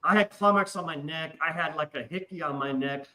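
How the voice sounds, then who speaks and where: As a podcast guest, this man casually tells a wild story, animated and swearing often as he acts out the voices of the people in it. His voice is fairly high and brisk, captured roughly in an echoey room with crowd noise.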